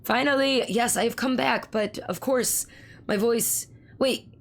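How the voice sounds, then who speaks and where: A woman streamer in casual live-stream chat, with a hoarse, strained voice, who swears freely and talks back to her chat. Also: a little high, measured pace. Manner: chatty, swears freely, reads chat aloud.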